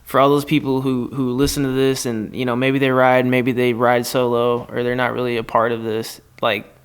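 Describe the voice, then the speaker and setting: A man's voice: mid-range voice, monotone, normal speed, clear, resonant tone. A man co-hosting a casual podcast, upbeat and profane, laughing often. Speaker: podcast co-host.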